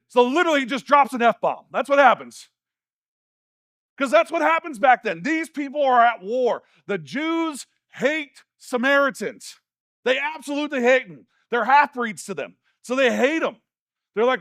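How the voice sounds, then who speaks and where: A man pastor, preaching a sermon in a church in an animated, jokey storytelling way with little rants. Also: very high voice, fairly quick, no room sound, studio quality. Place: church stage.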